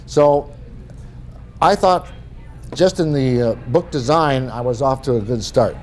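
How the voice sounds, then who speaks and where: A man's voice: medium pitch, measured pace, a little mellow, slight background noise. A middle-aged man from northern Minnesota giving a talk as an author, telling humorous anecdotes in a folksy way. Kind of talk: storytelling presentation.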